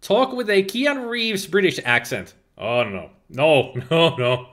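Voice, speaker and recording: A man's voice: fairly high pitch, huge pitch swings, measured pace, fairly bright tone. A man from Finland, hosting a livestream and chatting casually as he reads the live chat, laughing often and restarting words. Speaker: livestream host.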